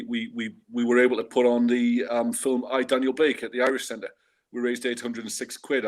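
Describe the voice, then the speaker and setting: A man's voice: medium pitch, a little mellow. Chatty man telling a wry story. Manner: chatty, digressive, wry humour. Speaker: guest fan and food bank organizer. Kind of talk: casual anecdotal storytelling.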